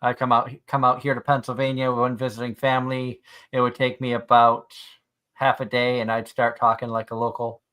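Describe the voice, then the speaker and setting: Bright-voiced chatty Boston man. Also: medium pitch, monotone, fairly quick, clean tone. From Massachusetts, near Boston. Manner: chatty, rambling anecdotes with restarts. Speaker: podcast co-host. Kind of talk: casual chat.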